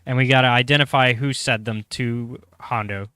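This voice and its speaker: A man's voice: medium pitch, steady tone, normal speed, pushed and bright, smooth, dry recording, clean studio sound. A man hosting a casual podcast, running a trivia quiz and reading quotes aloud, chatty and correcting himself as he goes. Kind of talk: casual chat.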